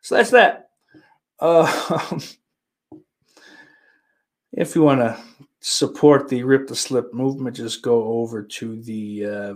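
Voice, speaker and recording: Male vlog host, unhurried, mid-pitched, swears constantly, offhand and meandering delivery. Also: darkish tone. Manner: profane, rambling, offhand, full of fillers. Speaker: channel host showing his movie purchases. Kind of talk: casual rambling vlog chat.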